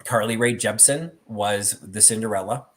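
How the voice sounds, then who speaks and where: Low-voiced man telling a rambling story. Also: moderate pace. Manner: rambling storyteller with many fillers. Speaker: host. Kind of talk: casual chat about theatre collectibles.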